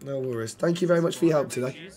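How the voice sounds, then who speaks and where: A man's voice: mid-range voice, rapid-fire, darkish tone, natural voice. A man role-playing a friendly, curious customer in a game, with a British accent and a habit of calling people love and mate.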